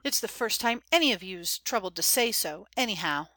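A man's voice: extremely high pitch, a little slow, pushed and bright, clean tone, no echo, pitched above the performer's own voice, heavily acted. A man reading an audiobook voices an old woman servant who scolds and complains fondly. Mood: aggrieved. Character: old grumbling woman servant, fussy and sentimental. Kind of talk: audiobook character voice.

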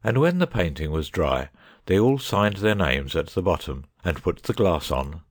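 Deep deep voice guy reading a kids story, steady and calm, dry sound. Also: normal speed, dry recording. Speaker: audiobook narrator. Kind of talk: scripted narration.

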